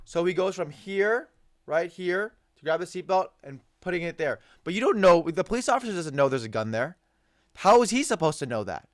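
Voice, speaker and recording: A man's voice: high-pitched, lively intonation, brisk, no room sound. A man giving heated, profanity-laced reaction commentary on sports news, repeating himself for emphasis. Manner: profane, ranting, repetitive emphasis.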